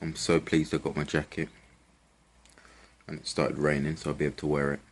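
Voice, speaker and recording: Brief: young man, low voice, vlog rant, sweary and rambling, exasperated. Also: little pitch movement, a little fast. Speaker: vlogger. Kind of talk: casual rant to camera.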